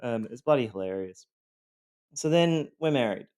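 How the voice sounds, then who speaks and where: A man's voice: medium pitch, lively intonation, normal speed, a little mellow, clear, resonant tone. A man with an Australian accent, telling his own story in a loosely scripted monologue, rambling with many ums and a wry, self-deprecating edge.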